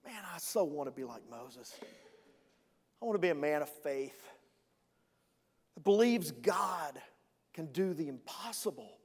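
A man's voice: fairly high pitch, expressive, unhurried, long pauses, husky, long reverb tail. A male executive pastor preaching a sermon in a playful, conversational way, with asides to the congregation.

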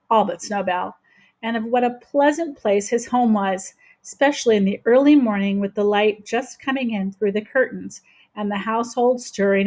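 A woman reading a children's chapter book aloud in a gentle, steady voice. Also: a little high. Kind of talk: children's storybook read-aloud.

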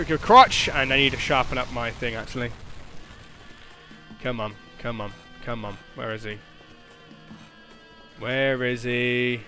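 A young man giving excitable gameplay commentary, swearing and shouting at the game. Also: mid-range voice. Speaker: gaming commentator.

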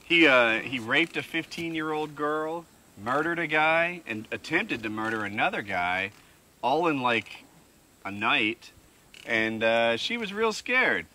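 A man's voice: mid-range voice, animated, unhurried, bright, forceful tone, a little hiss or hum. A man co-hosting a podcast, telling stories bluntly and offhandedly with crude humor. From United States. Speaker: podcast co-host. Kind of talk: casual chat.

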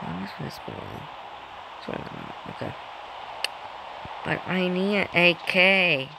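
A young male voice, slightly high and drawn-out, commenting on a mobile game with nervous, self-conscious exclamations. His speech comes slowly over a clearly noisy background. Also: huge pitch swings. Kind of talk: casual gameplay commentary. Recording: noisy background during gameplay.

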